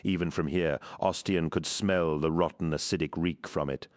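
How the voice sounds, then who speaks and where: A man narrating an audiobook in a measured, even storytelling manner. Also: extremely low pitch.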